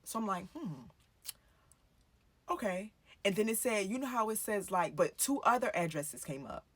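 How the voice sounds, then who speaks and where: A woman's voice: medium pitch, lively intonation, normal speed, a bit bright, no room sound. A woman telling a personal story in a casual storytime vlog. She swears freely and acts out her own past dialogue as she goes. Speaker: storytime vlogger.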